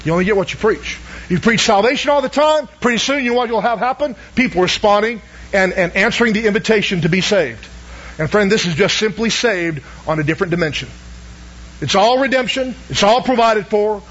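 A man's voice: high voice, lively intonation, fairly quick, a bit bright, lo-fi sound. A man preaching a sermon, asking the congregation questions and pressing each point with emphasis. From Southern United States. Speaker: pastor.

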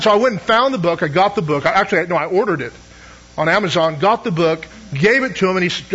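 A man's voice: sits high, lively intonation, fast, fairly bright tone, breathy edge, muffled recording. A middle-aged man preaching a sermon in a conversational, storytelling way, asking the audience rhetorical questions.

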